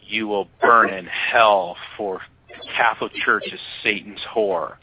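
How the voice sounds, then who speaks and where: A man voicing a stern young male church zealot with a heavy Russian accent, speaking slow and cold, on dull lo-fi radio audio. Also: lowish voice, steady tone, a little hiss or hum, close to an everyday voice. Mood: condemning.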